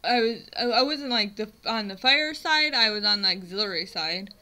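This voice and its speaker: Bright-voiced young woman telling a rambling story. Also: medium pitch, animated, normal speed, poor audio. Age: 20s. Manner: rambling, self-mocking, lots of "like" fillers. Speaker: vlogger. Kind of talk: casual storytelling to camera.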